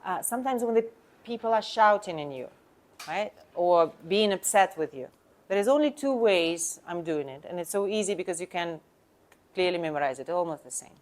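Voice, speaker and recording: A woman's voice: fairly low pitch, lively intonation, moderate pace, a little mellow. A woman coaching real estate agents on sales talk, speaking emphatically in non-native English and asking the listener rhetorical questions.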